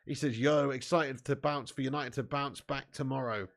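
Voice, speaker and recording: A man's voice: medium pitch, steady tone, normal speed, gravelly. A man, live-streaming a football watch-along, chatting with viewers in laddish, sweary banter and laughing often. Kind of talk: live stream chat and match commentary.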